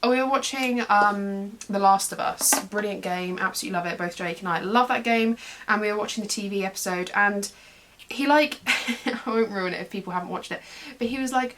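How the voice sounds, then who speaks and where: A woman's voice: medium pitch, a little fast, a bit bright. A young woman, chatting in a rambling, self-deprecating way as she does her makeup for a get-ready-with-me video at home. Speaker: beauty vlogger. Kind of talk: casual get-ready-with-me chat.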